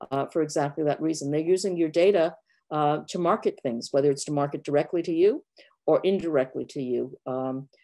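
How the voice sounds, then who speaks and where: Woman, 60s, from New York; low voice, frank explanatory answers over a video call. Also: darkish tone. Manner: frank, explanatory, many fillers. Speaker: guest professor. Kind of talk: online Q&A answers.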